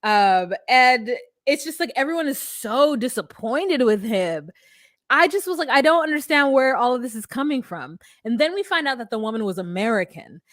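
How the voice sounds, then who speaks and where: Animated, profane woman recapping TV. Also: a little high, moderate pace. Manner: animated, profane, mimics people in quotes. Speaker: podcast co-host recapping reality TV. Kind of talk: casual chat.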